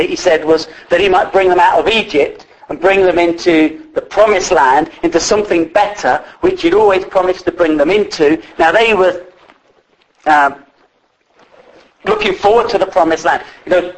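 A man preaching a relaxed, chatty sermon that is often broken up by fillers and restarts. His speaking voice sits somewhat high for a man. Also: poor audio. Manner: conversational, with many fillers and restarts.

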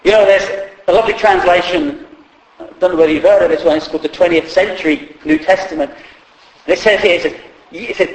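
A man's voice: sits high, a little fast. A man preaching a sermon in a humorous, conversational way, acting out quotes along the way. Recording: echoey hall.

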